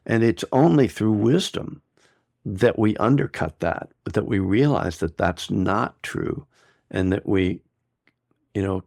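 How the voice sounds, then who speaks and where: Man, meditation teacher, dharma talk, very low voice, gravelly, dry sound, relaxed and rambling. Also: no echo. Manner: relaxed and discursive, laughs easily.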